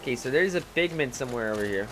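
A man's voice: mid-range voice, animated, rapid-fire. A young man live-streaming a game, talking casually and in a laid-back way, muttering to himself and greeting his chat.

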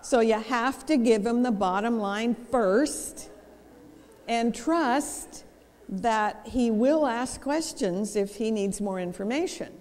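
A woman speaks to a church seminar audience in her lowered professional voice, steady and explanatory with dry flashes of humor. Her tone is dark and mellow, and the hall rings behind her with a long reverb. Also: slow. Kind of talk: seminar talk. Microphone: handheld or lapel microphone.

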